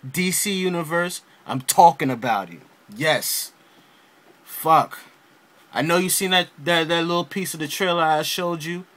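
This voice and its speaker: Excitable high-voiced man ranting in slang. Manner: animated storyteller, heavy slang and swearing, acts out his reactions. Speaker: game reviewer. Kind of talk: casual, profane video review.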